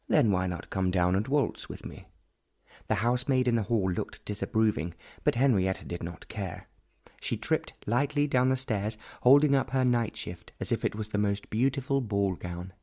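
A man reading a period novel aloud as an audiobook narrator, in measured, deliberate storytelling. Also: on the low side, dark tone. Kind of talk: scripted narration.

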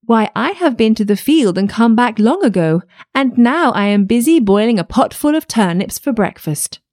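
A woman doing a squeaky little pig. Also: lively intonation, no echo, studio quality, natural voice. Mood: cheerful. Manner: high, bright, quick replies. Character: small clever little pig.

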